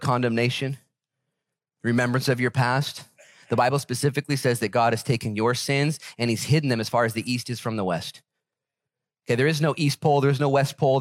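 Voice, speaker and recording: A male pastor preaching a sermon in an animated, conversational way and joking with the congregation. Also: medium pitch, dry recording, clean studio sound.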